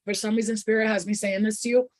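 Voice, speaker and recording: A woman's voice: mid-range voice, little pitch movement, fast. A woman giving an intuitive spiritual reading to her viewers, rambling and repeating herself, then turning blunt, profane and fiery. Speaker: spiritual reader.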